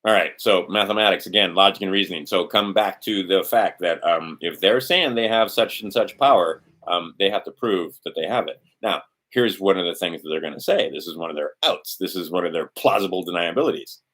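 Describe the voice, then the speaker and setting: A man with a deep, low voice hosts a livestream in a loose, meandering way. He talks bluntly, swears now and then, and mutters to himself while searching through a document. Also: fairly quick, few pauses, a bit bright. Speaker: livestream host. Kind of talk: rambling casual livestream monologue.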